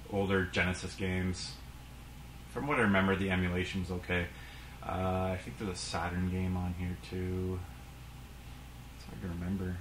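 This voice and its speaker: Low-voiced man with many ums, echoey room. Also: fairly bright tone, slight background noise. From Canada. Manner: rambling, many ums and uhs. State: out of breath. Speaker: game collector channel host. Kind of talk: casual collection vlog.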